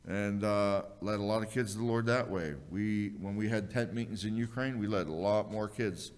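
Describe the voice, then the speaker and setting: Middle-aged guy preaching, lowish voice, chatty storytelling w lots of uhs, big echoey church. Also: moderate pace, clear, resonant tone. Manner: folksy storytelling preaching with frequent uh fillers. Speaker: pastor. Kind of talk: sermon. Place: church sanctuary. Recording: long hall reverb.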